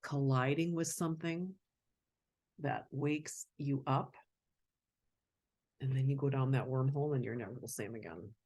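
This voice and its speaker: Chatty book reader with a gravelly voice. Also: mid-range voice, unhurried, pauses often, darkish tone. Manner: chatty, laughing asides. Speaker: host reading a children's book. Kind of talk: casual read-aloud with commentary.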